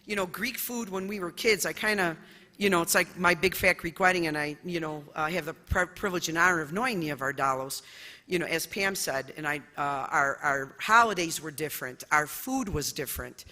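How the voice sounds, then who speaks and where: Expressive middle-aged judge, echoey hall. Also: female voice, low voice, brisk. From United States. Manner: expressive, loud, talks with her hands, many fillers. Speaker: judge giving a conference talk. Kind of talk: conference speech, personal storytelling. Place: large conference hall.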